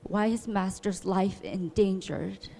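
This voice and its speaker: A woman disciple asking her teacher a question, hesitant, with many pauses and fillers. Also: mid-range voice, creaky, warm tone, in a large hall.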